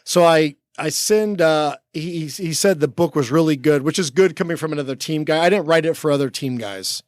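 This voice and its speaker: Rambling man in his forties, guest on a podcast, slightly high voice, dry close sound, acts out the dialogue in his stories. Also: fairly quick, no room sound. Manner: rambling, full of 'like', acts out quoted talk. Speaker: podcast guest, former Navy SEAL. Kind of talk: casual storytelling chat. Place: podcast studio.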